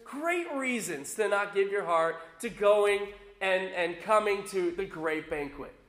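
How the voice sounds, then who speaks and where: A man with a very high, light voice preaches an animated sermon, pressing his points with emphasis as a pastor. The recording has a roomy echo around him. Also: measured pace. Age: adult with young children. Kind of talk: sermon with personal storytelling.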